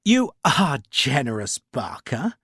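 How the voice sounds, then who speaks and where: An audiobook narrator voicing a smooth, cheerfully mocking aristocratic renegade officer. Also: male voice, medium pitch, very animated, takes it slowly, a bit bright, dry recording, studio quality, heavily acted. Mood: urbane, mocking. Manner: urbane, mocking, genteel.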